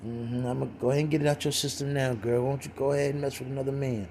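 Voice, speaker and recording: A man's voice: medium pitch, fairly even intonation, very fast, darkish tone, slight background noise, close to an everyday voice. A man voicing a gossiping woman who brashly eggs on a girlfriend. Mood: scheming.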